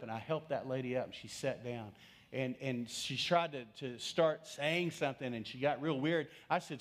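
A man's voice: mid-range voice, a little fast. A middle-aged male pastor preaching a sermon, telling a story and putting questions to his congregation.

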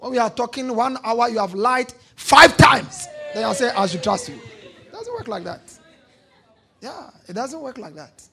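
A male pastor preaching a sermon, repeating key lines, prompting the congregation to answer and bursting into shouts on key points. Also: extremely high pitch, very animated, normal speed.

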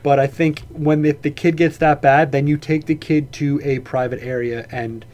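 A man's voice: on the high side, steady tone, moderate pace, a little mellow. A man co-hosting a casual podcast, rambling through his stories with frequent restarts and swearing. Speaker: podcast co-host.

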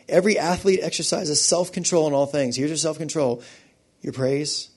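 A man preaching a sermon to a church congregation, swinging from hushed, quiet stretches to loud, fervent peaks. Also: on the high side. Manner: impassioned, building from hushed to loud. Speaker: pastor.

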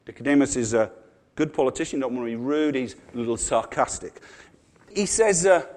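A man's voice: mid-range voice, lively intonation, normal speed, pauses often, darkish tone. A middle-aged man preaching a sermon, chatty and humorous, with wry asides.

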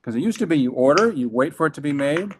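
Background noise is audible as a man, a guest who was formerly a franchise executive, tells a business story in conversation. His voice runs on the high side, and he speaks emphatically and animatedly with quick restarts.

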